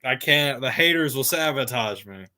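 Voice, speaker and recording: A man's voice: mid-range voice, animated, moderate pace, bright, forceful tone. A man hosting his own live stream, chatting with friends on a call in a laid-back, joking way. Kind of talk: casual chat.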